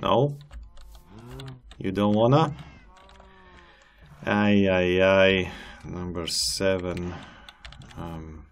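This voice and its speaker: A man's voice: low voice, very slow, pauses often. A man giving casual gameplay commentary as a channel host, chatty and amused as he coaxes animals along.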